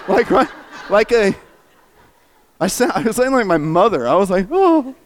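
A man's voice: high-pitched, animated, moderate pace. A man preaching, earnestly and emotionally retelling a story with feeling. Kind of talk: sermon storytelling.

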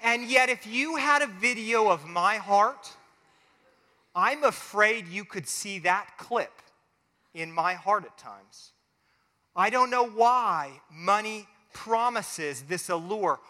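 Male pastor, high and bright, lively family sermon with acted-out voices, long church reverb. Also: takes it slowly. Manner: animated, acts out little quoted voices. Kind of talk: family sermon with closing prayer.

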